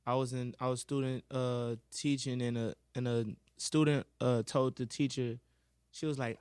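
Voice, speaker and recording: A man who is a guest on a podcast, telling a classroom story in an animated, casual way and acting out the voices. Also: mid-range voice, normal speed, clear, resonant tone, no echo, clean studio sound.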